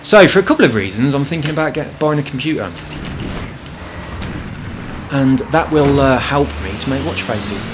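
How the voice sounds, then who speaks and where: A man's voice: medium pitch, expressive, moderate pace, pauses often, background noise. A man chatting casually over gameplay at home, rambling and swearing freely about his frustrations. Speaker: gaming channel host. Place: home apartment.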